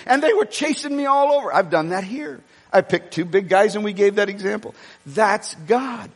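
Male pastor, high voice, animated storyteller mid-sermon, long hall reverb. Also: moderate pace, husky. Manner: storytelling, animated, swinging between low asides and raised emphasis.

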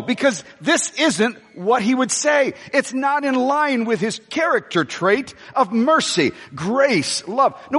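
A middle-aged man preaching a sermon in a church, animated and jokey, with sudden shouts. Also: high voice, big-room sound. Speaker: pastor. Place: church hall.

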